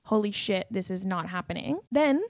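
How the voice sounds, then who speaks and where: A woman from Australia co-hosting a casual podcast, a lively storyteller with a gravelly, fry-edged voice who acts out the people in her stories and laughs often. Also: mid-range voice, normal speed, no room sound, studio quality. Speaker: podcast co-host.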